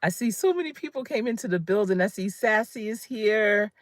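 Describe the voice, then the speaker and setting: A woman's voice: medium pitch, animated, a little fast, dry recording, studio quality. A woman in her fifties, a career coach, giving an emphatic, conversational motivational talk on a livestream and greeting viewers by name. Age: 50s.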